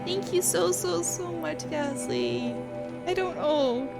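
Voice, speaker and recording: High-pitched woman streamer, giggles a lot, thanks chat nonstop, music going behind her. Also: sing-song, takes it slowly, gravelly. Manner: giggly, laughs often between lines; gushing thanks to viewers. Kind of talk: casual live-stream chat. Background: music playing.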